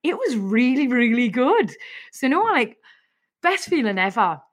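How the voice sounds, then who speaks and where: A woman with a Geordie accent telling stories as a podcast guest, frank and animated, saying "like" a lot. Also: a little high, a little slow. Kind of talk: casual storytelling chat.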